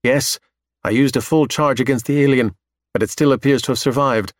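A man's voice: medium pitch, fairly even intonation, fairly quick, dry recording, studio quality, close to an everyday voice. Pushy menacing robot, read by a man. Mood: cold, pushy. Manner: insistent, threatening. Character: menacing four-legged male robot, cold and pushy.

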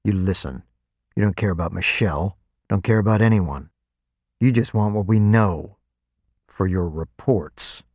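A man's voice: deep voice, a little slow, long pauses, a little mellow, dry recording, studio quality. A man reading the part of a bitter, hostile man in an audiobook, growling his curt, accusing lines.

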